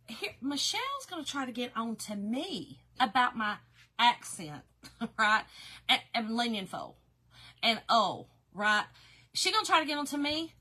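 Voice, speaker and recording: With a Southern Appalachian accent and a pushed, bright, high-ish voice, a crafting host from Kentucky and Georgia, USA, talks casually to viewers. She shares stories and laughs frequently.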